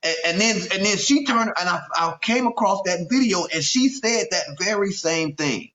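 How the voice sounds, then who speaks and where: A male interview host asks pointed questions slowly and haltingly, padding them with many fillers. His voice is slightly high for a man. It reaches us through echoey, dull lo-fi audio. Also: lively intonation, sharp tone.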